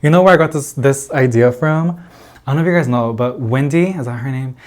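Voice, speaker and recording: A man's voice: medium pitch, fairly quick, a little mellow. A man chatting casually to camera as a plant vlogger in an indoor plant room, rambling with lots of fillers and little laughs.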